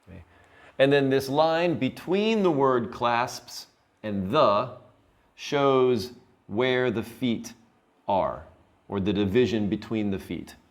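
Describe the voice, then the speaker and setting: A male teacher giving a lesson on poetry terms, patiently explaining and checking in with his students. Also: medium pitch.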